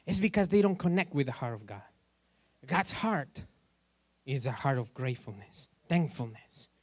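A man's voice: mid-range voice, lively intonation, normal speed, slightly rough, dry recording. A male pastor preaching in a church in a loose, joking way, asking the congregation questions as he goes. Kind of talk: sermon.

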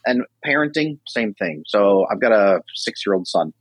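Man in his thirties podcast guest, husky and dry, animated delivery with wide swings in pitch. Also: normal speed, few pauses, no echo. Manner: animated, acts out quoted people with big pitch jumps. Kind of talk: podcast conversation.

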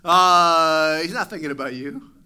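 Bright-voiced male pastor preaching. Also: fairly high pitch, a little slow, smooth. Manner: animated preaching, acts out barking dog and asides to the congregation. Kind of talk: sermon. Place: church sanctuary.

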